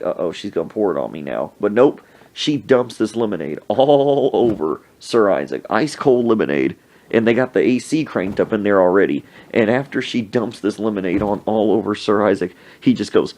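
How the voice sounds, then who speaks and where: Male podcast host, lowish voice, very animated casual storyteller. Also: normal speed. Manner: animated anecdote telling with acted-out sneezes and voices.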